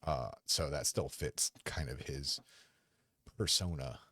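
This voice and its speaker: Deep, husky man, home livestream host, rambling, dry close mic. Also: sharp tone, no room sound. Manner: rambling, halting, talks fondly to his dog. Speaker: podcast host. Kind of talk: casual rambling livestream chat. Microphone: desk microphone.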